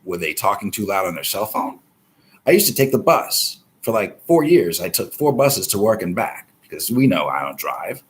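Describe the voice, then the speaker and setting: A man with a deep, very animated voice hosts a live stream at normal speed, chatting casually about the news. He rambles and swears constantly.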